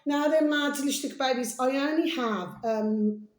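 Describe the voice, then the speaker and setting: A slightly hoarse woman rambles in a casual chat to camera, showering her viewers with pet names. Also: high-pitched, moderate pace. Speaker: video blogger. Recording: roomy echo.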